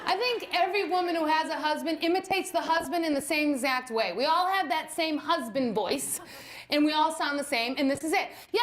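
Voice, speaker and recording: Brassy middle-aged woman comic, very high voice, live room with echo and crowd. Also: brisk, a bit bright. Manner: brassy, exasperated, mimics her husband. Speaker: stand-up comedian. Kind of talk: stand-up comedy set. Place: live comedy venue with audience. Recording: echoey room with crowd noise.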